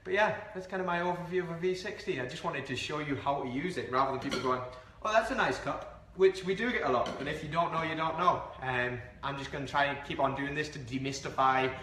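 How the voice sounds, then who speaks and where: A chatty man walks through a coffee brew in a casual vlog, rambling and poking fun at himself. His voice is bright and sits a little high for a man. The room around him rings with echo. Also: fast, hardly any pauses. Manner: chatty, rambling, self-deprecating. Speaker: coffee reviewer. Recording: echoey room.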